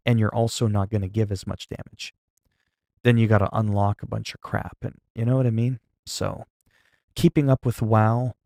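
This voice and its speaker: A laid-back male streamer talks with his viewers in a low voice. His delivery is calm and low-key, and some listeners hear it as half asleep. The sound is close and dry, with a gravelly edge. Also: no echo. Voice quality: sleepy-sounding, flat delivery. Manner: low-key, calm and unhurried, not hyped. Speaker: livestreamer. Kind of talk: casual live-stream chat with viewers.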